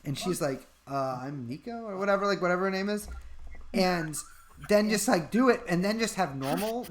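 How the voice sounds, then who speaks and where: A man's voice: high-pitched, expressive, normal speed, a little hiss or hum. A man co-hosting a live-stream chat, rambling through an absurd bit of mock-serious advice. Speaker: podcast co-host.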